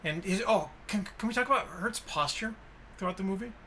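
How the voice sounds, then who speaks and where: Bright-voiced man chatting about films. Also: high voice, a little fast, slight background noise. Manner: enthusiastic, animated retelling with acted-out quotes. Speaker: podcast host. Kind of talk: casual film discussion.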